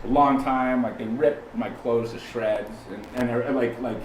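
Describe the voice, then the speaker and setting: A man from California, a podcast guest, telling a story in a casual, animated way, often restarting and acting out the people he quotes. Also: medium pitch, unhurried, slight background noise. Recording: roomy sound from a distant mic, faint ambience.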